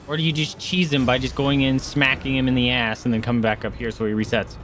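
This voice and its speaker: A man streaming a game live, commentating excitably, swearing freely and taunting the enemies on screen. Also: mid-range voice, quick pace, few pauses, faint music behind.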